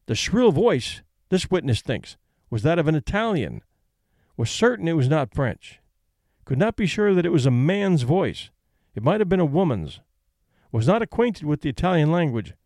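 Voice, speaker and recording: A man narrating a classic short story aloud, reading witness testimony in a measured, deliberate way. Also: on the high side, darkish tone, no echo, studio quality.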